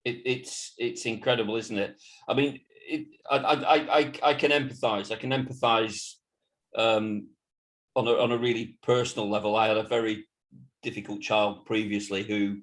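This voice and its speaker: A man's voice: fairly low pitch, level tone, moderate pace, a bit bright. A man interviewing a guest and reading out viewer questions, sympathetic, with stammering restarts.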